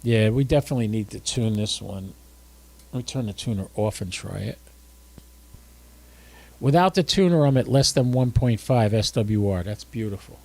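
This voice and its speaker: A man's voice: fairly low pitch, normal speed, creaky, pauses often, darkish tone. A drowsy, tired man hosting a casual livestream, chatting and thinking aloud as he works his ham radio gear. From United States.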